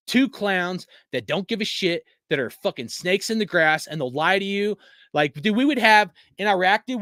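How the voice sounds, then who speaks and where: A man's voice: sits high, fairly bright tone, dry recording, clean studio sound. A man hosting a fan channel, ranting in a casual, heated and profane way, with many restarts. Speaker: sports fan channel host.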